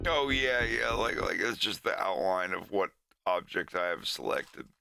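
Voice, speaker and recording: A man's voice: deep voice, lively intonation, a little slow, vocal fry, bright, forceful tone, clear, resonant tone, faint music behind. A male streamer in casual chat, joking crudely and breaking into laughter, on a close desk mic.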